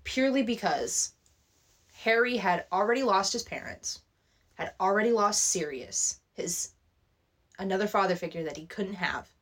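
A woman co-hosting a podcast in casual chat, who slows down to stress her points. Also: medium pitch, expressive, a bit bright. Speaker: podcast co-host.

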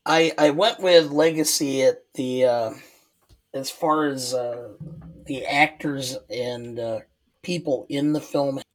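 A man's voice: medium pitch, slow. A middle-aged man, the host's father, talking hesitantly with many fillers in a casual movie-review chat.

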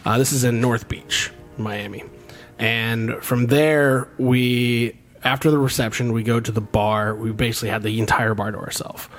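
A man's voice: mid-range voice, fairly even intonation, normal speed, a bit bright, faint music behind. Rambling, cursing young guy telling a story. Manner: rambling, profane, laughs mid-story. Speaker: podcast host. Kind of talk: casual storytelling chat.

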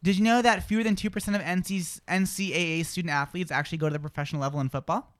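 A man's voice: high-pitched, steady tone, racing, fairly bright tone, no room sound. A man hosting a show in casual, rambling banter. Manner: chatty, rambling, doing playful accent impressions. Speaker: radio show host.

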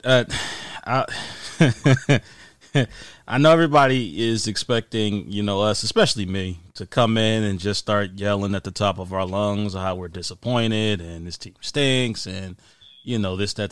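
A man's voice: fairly low pitch, clear, resonant tone, dry recording. A man co-hosting a sports podcast, ranting emphatically with repeated points and rhetorical questions. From Philadelphia. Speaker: podcast co-host. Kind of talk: heated sports rant.

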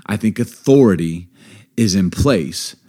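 Animated, lively storytelling man. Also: deep voice, unhurried. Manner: animated, laughs often, emphatic. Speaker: podcast co-host. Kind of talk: storytelling in casual chat.

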